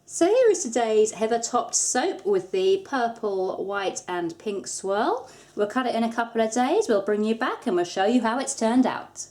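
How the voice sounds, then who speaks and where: A woman's voice: fairly high pitch, very animated, normal speed, darkish tone. A woman, hosting a craft tutorial in a casual, chatty manner with light self-deprecating humour. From England. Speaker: soap maker, tutorial host.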